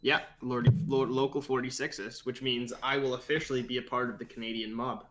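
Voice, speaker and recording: A man's voice: mid-range voice, level tone, a little fast, soft background music. A man co-hosting a podcast from home over a remote call, trading joking, self-deprecating banter in casual chat. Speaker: podcast co-host.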